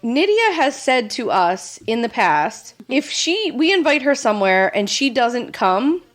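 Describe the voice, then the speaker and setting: A woman's voice: fairly high pitch, sing-song, a little slow, fairly bright tone. A woman co-hosting a podcast in casual chat, telling stories animatedly, swearing and laughing often. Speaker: podcast co-host.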